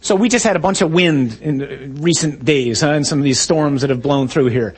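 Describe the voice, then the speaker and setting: A man preaching a sermon, retelling a story vividly and acting out shouted lines. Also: fairly high pitch, normal speed, breathy edge.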